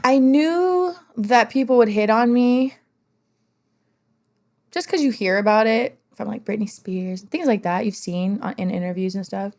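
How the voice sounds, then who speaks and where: A woman guest on an interview podcast, telling candid stories in an animated way and swearing freely. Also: on the high side, a little slow. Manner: animated, swears freely, acts out what others said.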